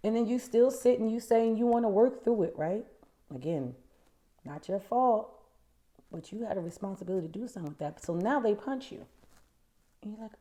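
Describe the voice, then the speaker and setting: Emphatic woman life coach, mellow voice. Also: a little high, a little fast, pauses often. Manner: preachy and emphatic, repeats key phrases. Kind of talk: motivational talk to camera.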